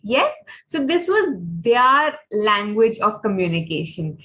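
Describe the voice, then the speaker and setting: A woman's voice: mid-range voice, very animated, takes it slowly, a bit bright, poor audio. A young woman telling a story to a children's class, dramatic and asking the kids questions.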